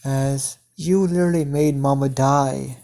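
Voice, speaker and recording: A man doing a sadistic young woman, soft cooing tone, mellow, gravelly. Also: mid-range voice, steady tone, a little slow. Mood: soothing, sadistic. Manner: soft, cooing, eerily soothing. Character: sadistic young woman avenger, calm and cruel.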